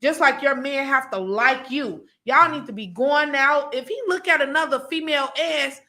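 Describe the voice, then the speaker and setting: A woman's voice: sits high, moderate pace, bright, forceful tone. A woman co-hosting a casual podcast chat, rambling with many restarts. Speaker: podcast host.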